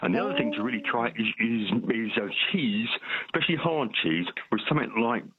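A man's voice: mid-range voice, lively intonation, brisk, breathy edge. Chatty British man on a phone line. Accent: British, northern English. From Britain. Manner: chatty, rambling with asides. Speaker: caller. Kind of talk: casual call-in chat.

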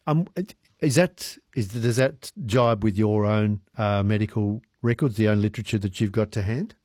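A man hosting a radio interview, asking questions in a halting way with ums and uhs. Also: on the low side, a little mellow, no echo, studio quality. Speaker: radio host.

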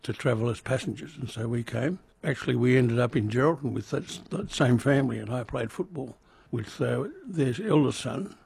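Older aussie guy, super husky gravelly voice, dry close sound, reminiscing with dry jokes. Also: medium pitch, a little fast, hardly any pauses, darkish tone, no room sound. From Indonesia. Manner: reflective, dry humour, some restarts. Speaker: interviewee. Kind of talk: oral history interview.

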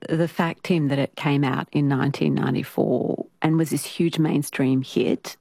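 A woman interviews a guest in a calm, considered way, her lowish voice carrying a gravelly edge. The recording is close and dry, with no room sound. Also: no room sound. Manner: measured, thoughtful questions. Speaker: host. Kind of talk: radio interview.

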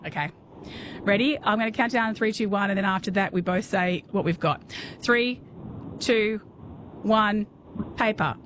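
A woman's voice: medium pitch, normal speed, long pauses, noisy background. An Australian woman hosting a call-in radio quiz, chatty and laughing often. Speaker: radio host.

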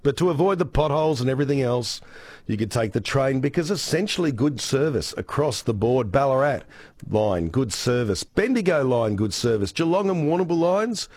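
A man with an Australian accent and a croaky voice, presenting a chatty, upbeat radio weather and traffic update. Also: medium pitch, animated, moderate pace, darkish tone, no echo.

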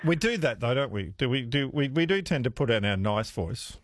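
A man's voice: mid-range voice, expressive, brisk, no room sound, clean studio sound. A man hosting talkback radio, chatting casually and musing aloud with listeners. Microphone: studio microphone.

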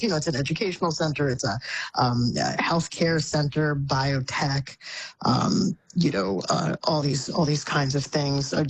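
A woman's voice: deep voice, a little hiss or hum, rough recording. A woman speaking as a guest commentator, explaining things thoughtfully with frequent restarts and fillers. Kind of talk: conversational explaining. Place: Boston area.

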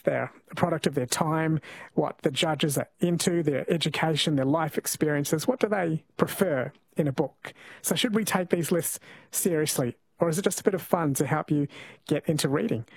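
A man's voice: fairly high pitch, slightly rough, no echo. A man hosting a late-night talk radio show, friendly and conversational, speaking into a studio microphone. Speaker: overnight radio host.

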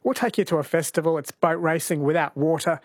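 A man's voice: a little high, a little fast, no room sound, clean studio sound. A man hosting a radio show in a friendly, chatty way, laughing easily with his guest. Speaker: radio host. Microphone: studio microphone.

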